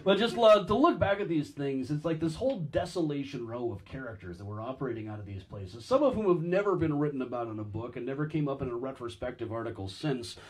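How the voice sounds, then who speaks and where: Male history lecturer, husky and animated, wry storyteller. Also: mid-range voice, quick pace, hardly any pauses. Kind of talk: public history lecture with audience questions.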